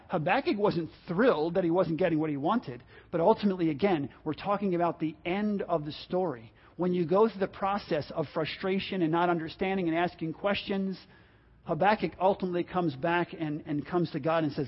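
A man's voice: sits high, brisk, breathy edge. A pastor delivering an impassioned sermon, repeating words and acting out the complaints he quotes, heard on a dull lo-fi recording.

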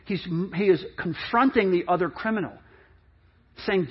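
A man's voice: high-pitched, lively intonation, moderate pace, slightly rough, dull audio. A middle-aged man preaching a sermon in a conversational way, with many repeats and restarts, acting out people's excuses. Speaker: pastor.

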